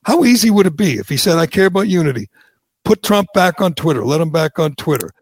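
A man with a gravelly, slightly high voice hosts a talk radio show. He talks bluntly and heatedly, circling back over his points. The sound is dry and close. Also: very animated, fast, dry recording. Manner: blunt, heated, repeats himself. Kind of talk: opinionated talk radio chat.

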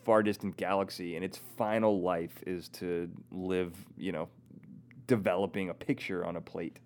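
A woman podcast host in a casual interview, curious and quick to react with exclamations and jokes. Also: very deep voice, steady tone, a little mellow, a little hiss or hum.

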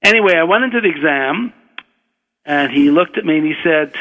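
This guest, an older physician and author from Brooklyn, USA, tells a story in a relaxed, wry, conversational style without rushing. His voice sits a bit high for a man, and the sound is a dull radio broadcast wrapped in long reverb.

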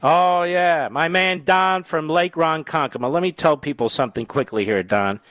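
A man's voice: a little high, moderate pace, a bit bright, no room sound, faint music behind. A man hosting a talk radio show, chatting with callers and telling stories in a teasing way. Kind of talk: talk radio chat and monologue. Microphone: studio mic.

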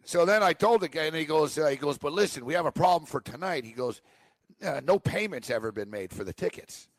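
A man co-hosting a sports talk show who rambles through his stories and slips into the voices of the people he met. His voice sits a little high and the sound is dry and close to the mic. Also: lively intonation, brisk, dry recording. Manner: rambling storyteller, acts out phone calls. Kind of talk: casual chat.

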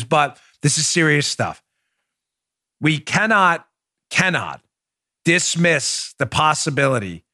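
A man's voice: fairly high pitch, fairly bright tone, no room sound, studio quality. A man hosting a political talk show, talking in an emphatic, punchy, conversational way and reading ads. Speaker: host.

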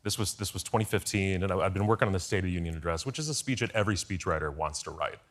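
Deep-voiced man telling stories. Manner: lively storyteller, quick asides. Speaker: guest, former speechwriter. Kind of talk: talk show anecdote telling.

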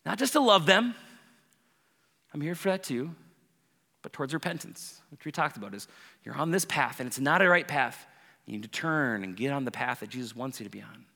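A man preaching a sermon, telling the story in an animated way and acting out the characters. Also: mid-range voice, brisk, creaky, big-room sound. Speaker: pastor.

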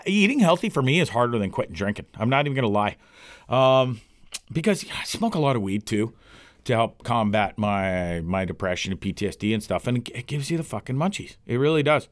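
A man's voice: medium pitch, no echo, studio quality. A middle-aged man hosting a podcast, rambling and ranting with lots of swearing. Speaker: podcast host. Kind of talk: casual rambling monologue. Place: home recording for a podcast.

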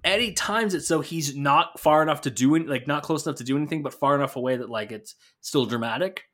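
Male podcast co-host, somewhat high voice, wry and playful, casual chat. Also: fast talker, a bit bright. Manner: wry, swears freely, playful.

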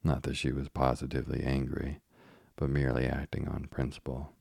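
Guy reading an old story out loud, super low creaky voice, flat delivery, dry sound. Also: brisk, dry recording. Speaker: narrator. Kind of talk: audiobook reading of a classic tale.

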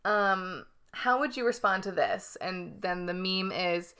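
A woman's voice: lowish voice, lively intonation, measured pace, pushed and bright, clean tone. Woman, podcast co-host, casual chat, giggly, playful reading. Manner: giggly, reads quiz lines aloud with playful emphasis.

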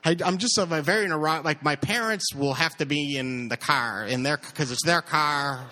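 Male live storyteller, slightly high pitch, stammering, nervy energy. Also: brisk, few pauses. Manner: stammering, repeats words, animated impressions.

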